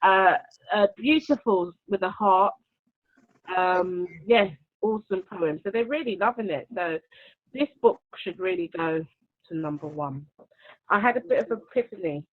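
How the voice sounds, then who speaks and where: A woman hosting a live-streamed book launch, bubbly and quick to laugh as she reads out comments. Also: mid-range voice, animated. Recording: tinny phone-like line.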